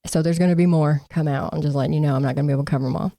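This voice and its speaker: A woman's voice: low-pitched, fairly even intonation, rapid-fire, gravelly, mellow, no room sound, studio quality. A woman co-hosting a casual true-crime podcast, sarcastic and laughing as she mocks the people she talks about. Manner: sarcastic, laughing, mocking quotes. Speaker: podcast co-host.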